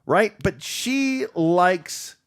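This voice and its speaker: A middle-aged man co-hosting a casual podcast chat. His voice sits a little high and swings widely in pitch. He laughs often and acts out the lines he quotes. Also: animated, drawn-out words, smooth. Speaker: podcast co-host.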